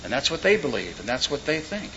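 Folksy joking preacher, lo-fi recording. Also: male voice, mid-range voice, big pitch swings, quick pace, pushed and bright. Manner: folksy, joking asides and told stories. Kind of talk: sermon. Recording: dull lo-fi recording with faint background noise.

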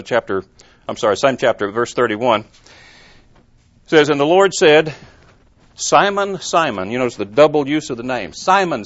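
A man's voice: medium pitch, fairly bright tone. A man preaching a sermon in an earnest way, stressing points with emphatic rises and rhetorical questions. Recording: muffled lo-fi recording.

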